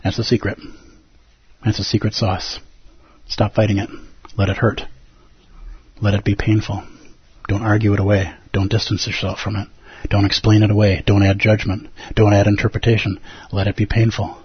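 A man's voice: lowish voice, flat delivery, moderate pace, pauses often, breathy edge, no room sound. A man teaching a Zen dharma talk to a group, conversational and playful, often tagging lines with "like" and "right?". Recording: dull, lo-fi and dry.

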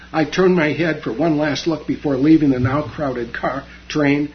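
Halting man giving a dharma talk. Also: a little high, fairly even intonation, muffled recording. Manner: halting, many fillers. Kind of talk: dharma talk with story reading.

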